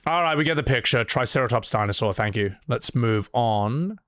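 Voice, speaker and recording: Lively, rambling male game streamer. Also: medium pitch, moderate pace, background noise. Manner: rambling, swears freely, self-deprecating. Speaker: streamer voicing game characters. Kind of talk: casual game commentary. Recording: loud game music behind.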